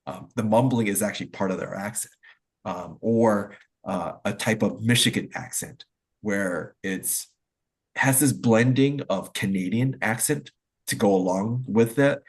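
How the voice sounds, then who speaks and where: A man's voice: on the low side, a little slow, slightly rough. A man, explaining at length in a casual online group chat, using lots of "like" and "um" between thoughts. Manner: rambling, explanatory, heavy use of "like" and "um". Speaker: discussion participant.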